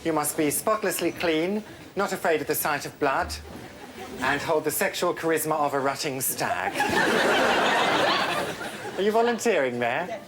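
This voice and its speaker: A camp man teases his way through a sitcom scene in a lively, swooping voice full of saucy innuendo. He plays straight to a studio audience, whose roaring laughter and the tape hiss fill the background. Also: on the high side, moderate pace, pauses often, over a noisy crowd. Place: TV studio set before a live audience.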